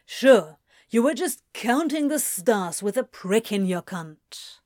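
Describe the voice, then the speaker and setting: A woman voicing a sardonic male demon who talks in flat, blunt mutters. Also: on the high side, takes it slowly, no echo, clean studio sound. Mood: curt.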